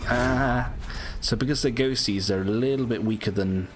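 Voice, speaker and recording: A man's voice: medium pitch, moderate pace. A British man giving casual gameplay commentary, chatty and prone to frustrated swearing. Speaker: gameplay streamer.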